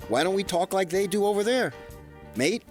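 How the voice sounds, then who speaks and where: A man's voice: high-pitched, quick pace, a little mellow, faint music behind. A man co-hosting a sports radio show, joking and teasing in casual banter. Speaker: radio co-host.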